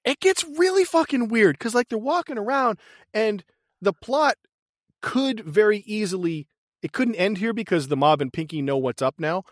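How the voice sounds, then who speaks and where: A man's voice: sits high, animated, moderate pace, no room sound, clean studio sound. A man co-hosting a casual movie recap, retelling scenes with profanity and frequent laughter. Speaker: podcast co-host.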